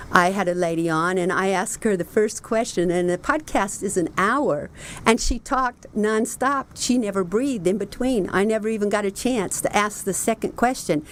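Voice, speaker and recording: A middle-aged woman hosting a book review show, chatting in a relaxed, storytelling way. She acts out remembered conversations with lively quoted voices. Her pitch sits at an everyday middle level for a woman. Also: a little hiss or hum. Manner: chatty storytelling, animated quoting of others. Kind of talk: casual book review talk.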